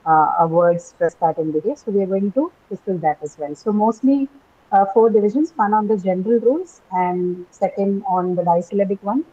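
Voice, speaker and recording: A woman's voice: mid-range voice, slightly rough. A woman teaching an English lesson over a video call, explaining step by step with many fillers and "right?" checks. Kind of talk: online class lecture. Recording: dull lo-fi online call audio.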